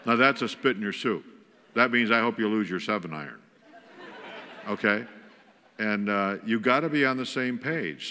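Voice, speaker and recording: A man's voice: medium pitch, sharp tone, long reverb tail. A man giving a folksy, joking talk as a guest speaker in a church. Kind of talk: humorous sermon talk on parenting. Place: church auditorium.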